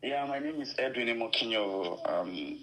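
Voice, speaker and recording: A man's voice: mid-range voice, lively intonation, normal speed, fairly bright tone, low-quality recording. A man from Nigeria calling in to a live show, polite and a little hesitant. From Nigeria, Delta State. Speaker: caller. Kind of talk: phone-in call.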